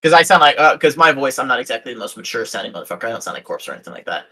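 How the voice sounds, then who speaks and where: A man hosting a podcast, telling a story in casual chat, animated and self-mocking, swearing freely. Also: mid-range voice, rapid-fire, poor audio. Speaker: podcast host.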